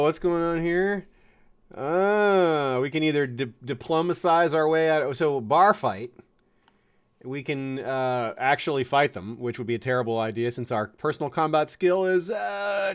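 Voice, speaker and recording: A man's voice: mid-range voice, a bit bright, smooth. A man from the United States giving chatty, chuckling commentary on a strategy game, fond of puns. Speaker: game streamer.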